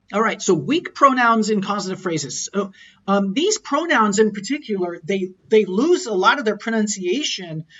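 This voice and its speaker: Bright-voiced man teaching tones, lo-fi. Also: sits high, a little hiss or hum. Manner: explains, then repeats example phrases slowly and clearly. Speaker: language teacher. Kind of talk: online pronunciation lesson.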